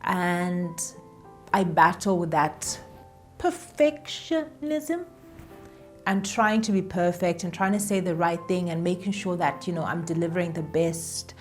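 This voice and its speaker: Chatty woman vlogger, low voice. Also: steady tone, moderate pace, faint music behind. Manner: chatty, self-deprecating, repeats herself for emphasis. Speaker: YouTuber. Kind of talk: casual talk to camera.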